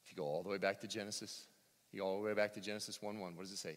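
A male pastor preaching a sermon, swinging from near-shouts to hushed tones, with joking asides. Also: lowish voice, steady tone, racing. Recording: long hall reverb.

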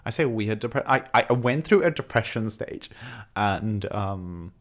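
A man's voice: on the low side, lively intonation, unhurried. Chatty man with a slight accent. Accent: non-native English. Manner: chatty, laughs often, loose rambling delivery. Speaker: podcast co-host. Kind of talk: casual chat.

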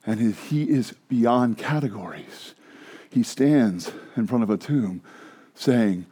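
A man preaching an evangelistic sermon with passion, swinging from hushed low phrases to loud emphatic ones. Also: expressive, takes it slowly, slightly rough. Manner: frequent laughs and restarts. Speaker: pastor.

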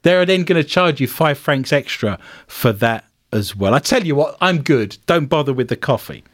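A man hosts a comedy podcast, reading odd news stories aloud with wry jokes in between. His voice sits high for a man and swoops all over the place. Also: expressive, normal speed, a bit bright. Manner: joking, reads stories aloud with wry asides. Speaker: podcast host.

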